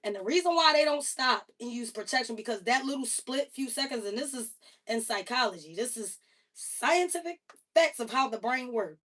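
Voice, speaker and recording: A woman's voice: on the high side, animated, normal speed, a bit bright. A woman hosting a livestream, ranting casually in an emphatic, heavily profane way. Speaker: livestream host. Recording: voice a bit far from the mic.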